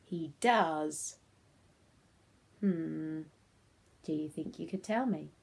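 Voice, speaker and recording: A woman's voice: low-pitched, extremely slow, gravelly, slightly rough. A woman teaching a phonics lesson to young children, speaking in a sing-song, encouraging way that often drops to a whisper.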